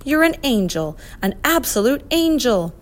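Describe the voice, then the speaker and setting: A woman's voice: a little high, a little slow, pitched above the performer's own voice. A woman reading the lines of a flustered, fussy old male professor in a storybook. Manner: exasperated, excitable.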